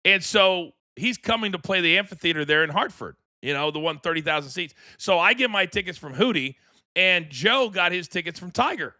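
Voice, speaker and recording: A middle-aged man co-hosting a podcast, chatting casually and telling lively anecdotes. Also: sits high, fairly quick, no room sound, studio quality. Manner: animated, acts out voices in anecdotes. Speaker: podcast co-host. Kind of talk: casual storytelling chat.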